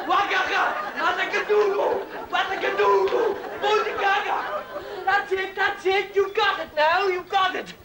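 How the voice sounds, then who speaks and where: A man's voice: extremely high pitch, low-quality recording. A man playing an overbearing, lonely dinner guest who chatters and shows off in a 1970s TV comedy sketch. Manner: chatty, bossy, full of jokes and sound effects. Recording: studio audience laughter, broadcast noise.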